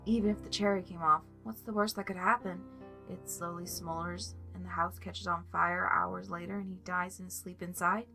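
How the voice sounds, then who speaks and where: Bright-voiced woman reading fan fiction. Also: on the low side, steady tone, normal speed, creaky. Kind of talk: storybook narration. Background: soft music.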